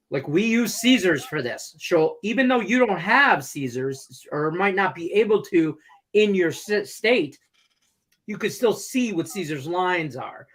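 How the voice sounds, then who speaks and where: A man's voice: a little high, a bit bright. Laid-back man talking sports bets. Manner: laid-back, rambling, jokey. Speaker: sports betting co-host. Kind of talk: casual sports betting chat.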